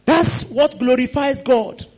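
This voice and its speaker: A man preaching a sermon, animated and exclamatory, sometimes rising to shouts. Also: very high-pitched, slow pace.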